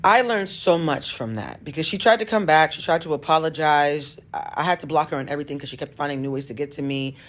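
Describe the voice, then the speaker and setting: A woman's voice: sits low, fast, hardly any pauses. A woman tells a personal story straight to camera in a blunt, emphatic way. She works as a tarot reader and life coach. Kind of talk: storytime monologue.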